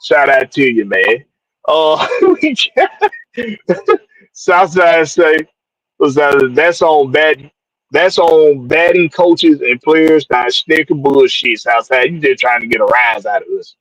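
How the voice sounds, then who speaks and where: A man's voice: fairly high pitch, takes it slowly, fairly bright tone, no echo, low-quality recording. A man from hosts a casual live-stream sports show, loose and jokey, reading out viewers and tossing in "man" all the time. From Georgia, USA. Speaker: podcast host.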